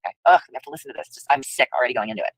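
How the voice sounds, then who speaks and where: A woman's voice: very deep voice, lively intonation, rapid-fire, over music, low-quality recording. A woman live streamer giving angry, profane reaction commentary to her chat, condemning another streamer. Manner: profane, heated, preachy.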